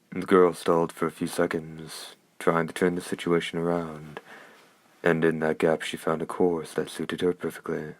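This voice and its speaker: Guy narrating a novel, super deep voice, flat and steady, dry close sound. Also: moderate pace, no echo. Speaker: audiobook narrator. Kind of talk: novel reading.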